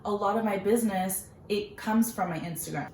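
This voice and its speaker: A woman's voice: mid-range voice, normal speed, darkish tone. A young woman chatting casually and earnestly about her own story, with many fillers. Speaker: vlogger, small business owner. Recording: roomy echo, faint background noise.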